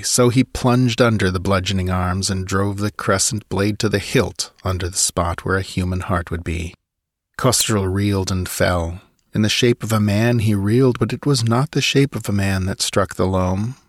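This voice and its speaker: A man narrating a dramatic adventure story in a measured reading voice. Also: fairly low pitch, no echo, clean studio sound. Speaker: audiobook narrator.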